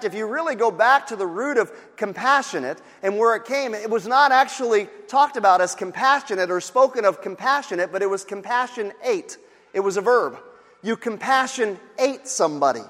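A man's voice: very high-pitched, fairly bright tone. A man preaching a sermon, repeating his key phrases for emphasis and acting out the voices of sighing bystanders. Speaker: pastor. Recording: long hall reverb.

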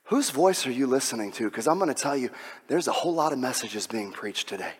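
Male pastor, sermon, loud then hushed, long hall echo. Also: mid-range voice, lively intonation, brisk, a little hiss or hum. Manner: swings from loud mocking outbursts to soft whispered prayer.

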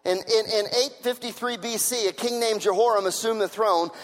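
A man's voice: high-pitched, moderate pace, big-room sound. A male pastor preaching a sermon, repeating key lines with rising, emphatic force. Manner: repetitive, emphatic preaching, building to shouts.

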